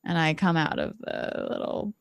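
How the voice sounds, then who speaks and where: A woman's voice: low voice, huge pitch swings, moderate pace, creaky, no room sound, dull audio. Casual woman player, dry sound. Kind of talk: tabletop role-play.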